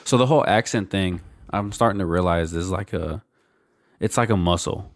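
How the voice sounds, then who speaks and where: A man's voice: sits low, normal speed, no echo, studio quality. An American man in a laid-back podcast chat, fillers like "like" and "dude" in nearly every sentence. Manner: laid-back, says "like" a lot. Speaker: podcast co-host. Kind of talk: casual chat.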